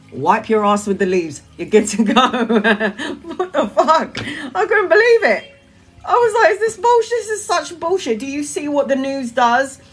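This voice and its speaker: Woman, spiritual creator, casual monologue; animated, salty, laughs a lot, pitch a bit high. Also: low-quality recording. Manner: animated, swearing, laughing often.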